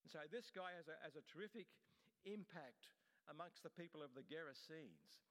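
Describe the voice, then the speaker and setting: A man's voice: fairly high pitch, expressive, normal speed, a bit bright. Guy preaching a sermon, chatty, keeps restarting bits, long echo off the hall. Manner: conversational preaching with frequent restarts.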